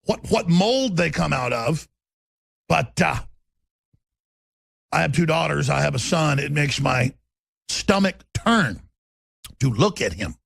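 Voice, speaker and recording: A middle-aged male talk radio host in a furious, shouting on-air tirade. His voice sits high for a man and comes out gravelly with a rough, raspy edge. He talks in an agitated, fired-up way. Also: big pitch swings, slow, pauses often, no room sound. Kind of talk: angry on-air rant.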